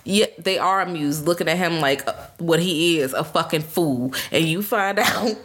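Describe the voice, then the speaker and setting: A woman co-hosting a casual movie review podcast, with a fairly low voice. She talks bluntly and profanely and slips into playful voices for characters. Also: normal speed, a bit bright. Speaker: podcast co-host.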